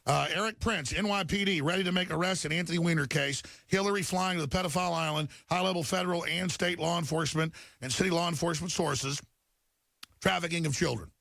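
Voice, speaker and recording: A man hosts a talk show, ranting in an agitated rush and tripping over repeated words. His voice sits a little high and has a gravelly edge. The recording is dry and close. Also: fast, bright, forceful tone, dry recording. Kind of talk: talk radio monologue reading headlines.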